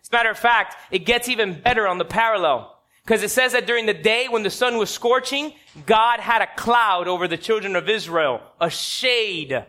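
A man's voice: high voice, normal speed, pushed and bright. A man preaching a sermon in a church, telling stories with emphasis and asking the congregation direct questions. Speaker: pastor.

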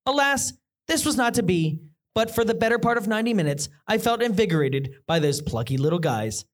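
A podcast host reading online reviews aloud with a mock-dramatic delivery. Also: brisk. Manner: animated, mock-dramatic reading with swooping pitch.

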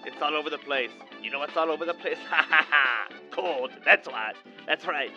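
A man playing a loud, laughing male weatherman, dropping slang. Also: on the high side, a little fast, lo-fi sound, soft background music, voice pushed up. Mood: boisterous. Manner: boisterous, laughing, drops Spanish slang.

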